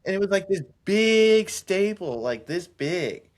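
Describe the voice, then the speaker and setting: A young man in a casual podcast chat, telling excitable stories, laughing and saying bro and dude. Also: sits high, a little slow.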